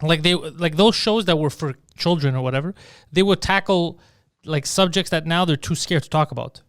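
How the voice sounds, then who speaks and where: A man's voice: fairly high pitch, normal speed, clean tone, no echo, studio quality. A man co-hosting a comedy podcast, chatting casually and loosely, swearing and acting out quotes in put-on voices. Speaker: podcast co-host.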